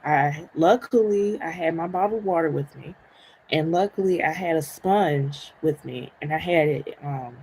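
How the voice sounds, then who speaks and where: A woman's voice: low voice, mellow, a little hiss or hum, low-quality recording. A woman hosting a live stream, chatting casually through a personal story, laughing often and checking in with "right?" and "okay?".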